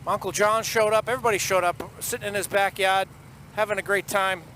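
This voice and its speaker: A vlogger with a Boston accent rides along outdoors, traffic noise audible behind him. His high, bright voice is steady and forceful, and he talks fast while telling a rambling, chatty story in this casual vlog.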